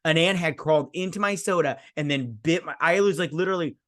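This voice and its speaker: A man's voice: on the high side, fast talker, fairly bright tone, no room sound, studio quality. A man hosting a casual episode recap, rambling and digressive, full of fillers and side stories. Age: adult parent. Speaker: show host reviewing an episode.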